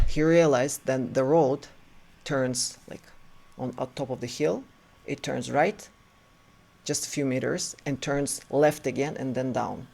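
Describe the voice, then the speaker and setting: Gravelly man telling a rambling story. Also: fairly high pitch. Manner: rambling, many restarts and "like" fillers; animated retelling with acted quotes. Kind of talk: casual personal storytelling.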